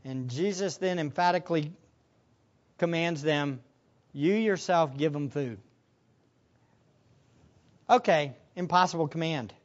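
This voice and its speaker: A man preaching a sermon as pastor, animated, acting out the disciples' voices with sudden loud bursts. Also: on the high side, slow pace, pauses often, dull audio.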